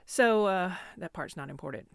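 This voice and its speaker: A woman in her fifties talks through a personal memory in a candid, self-deprecating way, circling back and restarting her sentences. Her voice sits a little low for a woman. It is recorded close and dry, with no room sound. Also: animated, normal speed, vocal fry, no echo. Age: 50s. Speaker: podcast host. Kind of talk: personal storytelling monologue.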